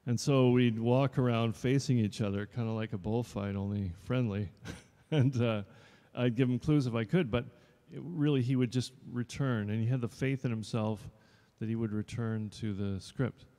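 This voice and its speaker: A man's voice: mid-range voice, moderate pace, hardly any pauses, dark tone. Chatty man in his fifties, echoing hall. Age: 50s. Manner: chatty and rambling, jokes with the audience. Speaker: actor. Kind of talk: casual talk to a live audience. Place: showroom. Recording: long reverb in a showroom.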